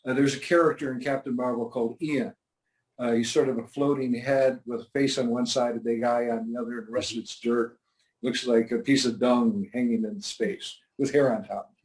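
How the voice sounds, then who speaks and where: A man's voice: mid-range voice, fairly even intonation, normal speed, a little mellow, poor audio. Older man, dry matter-of-fact talker. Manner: dry, matter-of-fact storytelling with hesitant uhs. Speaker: comic creator guest. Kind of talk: relaxed interview talk.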